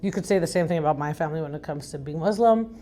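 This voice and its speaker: A middle-aged woman with a low, raspy, slightly husky voice hosts a podcast recap. She talks in a frank, rambling, casual way and often circles back to her point. She is from Iran. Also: very fast, warm tone. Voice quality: deep, raspy voice. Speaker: podcast host.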